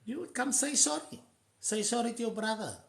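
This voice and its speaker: A man's voice: very high voice, brisk, creaky, roomy sound. A man with a South African accent hosting a live stream, giving earnest, casual advice and slipping into Afrikaans phrases.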